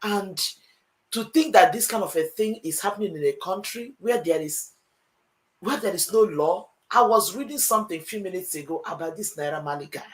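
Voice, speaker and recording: A woman's voice: lowish voice, brisk, low-quality recording. A woman with a Nigerian accent speaking on a talk show panel, hesitant and heartfelt, with many fillers. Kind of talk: emotional panel discussion.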